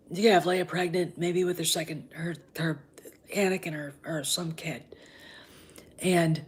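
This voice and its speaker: Brief: female fan-show host, casual rambling chat, husky and low, hushed asides. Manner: rambling, often drops into whispers.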